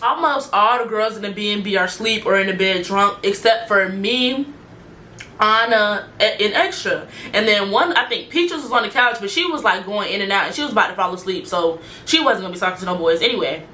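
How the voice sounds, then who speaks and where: A woman's voice: medium pitch, fairly quick, pushed and bright, slight background noise. A young woman telling a story in casual chat, slangy and talking straight to her viewers. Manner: chatty, slangy, addresses viewers directly. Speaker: storyteller vlogger.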